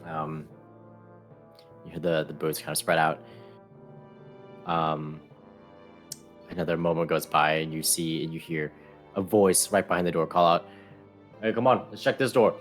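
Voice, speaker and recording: A man's voice: rumbling low, flat delivery, unhurried, pauses often, faint music behind. A man narrating a tabletop game as game master, hesitant, with many ums and restarts.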